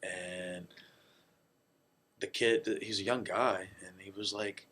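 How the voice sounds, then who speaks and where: Laid-back man telling stories in a low voice. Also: takes it slowly. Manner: relaxed, filler-heavy, with lots of "like". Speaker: guest, family restaurant manager. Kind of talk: casual storytelling in an interview.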